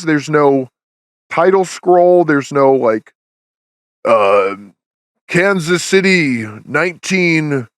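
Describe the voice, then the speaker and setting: Podcast host, male, fairly high voice, loose rambling delivery, dry close mic. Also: dry recording. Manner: rambling, many restarts and fillers. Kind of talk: casual review chat.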